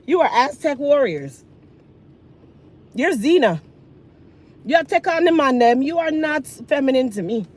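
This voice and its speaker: A woman in her thirties ranting casually while getting ready, sassy and animated, talking with food in her mouth. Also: sits high, measured pace, long pauses. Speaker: hair care vlogger.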